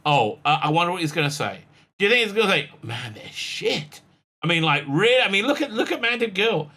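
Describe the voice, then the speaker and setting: A man's voice: sits high, very animated, quick pace, sharp tone. A man giving sarcastic commentary, reading quotes aloud with lots of fillers and laughs. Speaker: commentary vlogger.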